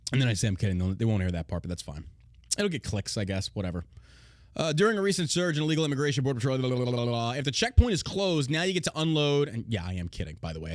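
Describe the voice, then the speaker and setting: A man's voice: mid-range voice, no room sound, studio quality. A man hosting a podcast, ranting casually with brash sarcasm and lots of swearing. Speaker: podcast host. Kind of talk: casual profane rant.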